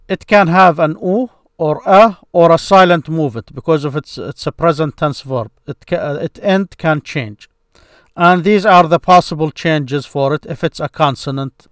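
A man's voice: fairly high pitch, no room sound, studio quality. A man teaching a grammar lesson, explaining each step patiently with occasional restarts.

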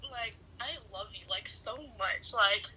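A young woman on a phone call, giddy and gasping, saying how excited she is. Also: medium pitch, unhurried, crowd noise. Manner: giddy, gasping, says "oh my God" a lot. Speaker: fan answering a call.

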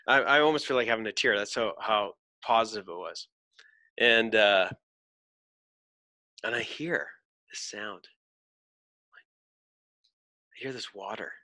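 A man hosting a podcast, telling an animated story in casual chat, swearing freely and acting out voices. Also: fairly low pitch, normal speed, long pauses. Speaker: podcast host.

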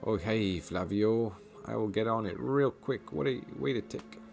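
A man voicing a rough, impatient male sailor from a video game, with clipped, grumbling salty talk. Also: fairly low pitch, measured pace, darkish tone, pitched above the performer's own voice.

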